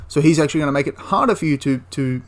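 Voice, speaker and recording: A man's voice: a little high, rapid-fire. A man giving a casual, enthusiastic spoken review of a tabletop wargame, rambling into asides and restarting his sentences.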